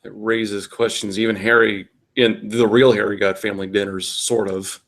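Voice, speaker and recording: A man's voice: fairly low pitch, level tone, normal speed, a bit bright. Man doing exaggerated comic readings. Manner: reads with exaggerated character voices and exasperated asides. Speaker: co-host reading fanfiction aloud. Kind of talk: comedic dramatic reading.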